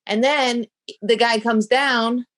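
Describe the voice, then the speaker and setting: A woman's voice: a little high, takes it slowly. A young woman, a comedian guest on a talk show, telling a story in casual chat, profane and acting out the voices of the people in it. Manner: animated, profane, acts out quoted voices.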